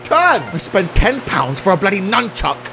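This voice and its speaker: A young man giving loud, swearing let's-play commentary, breaking into excited shouts. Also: sits high, normal speed, creaky. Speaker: gaming YouTuber. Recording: game music behind the voice.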